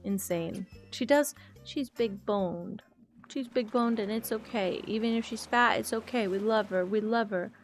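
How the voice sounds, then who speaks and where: A woman's voice: medium pitch, unhurried, faint music behind. A woman streaming a game, chatting casually and emotionally with viewers while she plays.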